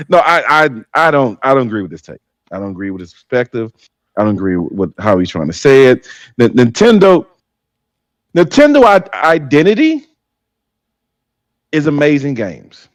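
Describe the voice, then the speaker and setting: A man's voice: medium pitch, very animated, moderate pace, long pauses, no room sound. Stammering, incredulous male podcast co-host. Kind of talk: casual gaming podcast chat.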